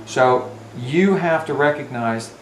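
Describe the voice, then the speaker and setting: A man's voice: mid-range voice, slow pace, a little hiss or hum. Emphatic man trainer, echoey room. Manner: emphatic, checks in with "Okay?". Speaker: dog trainer. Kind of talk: explaining to a dog owner. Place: indoors in a home. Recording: echoey room with faint ambience.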